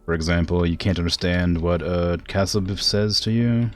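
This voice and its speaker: A man streaming a video game, chatting casually with his viewers and talking to the game, laughing often. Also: normal speed. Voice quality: deep low voice. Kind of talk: casual gameplay commentary.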